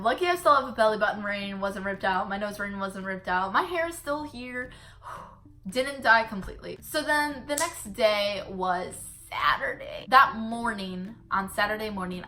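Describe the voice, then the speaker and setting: A young woman vlogger, casually retelling a story with lots of "like" fillers. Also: mid-range voice. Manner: chatty, animated retelling full of "like" fillers.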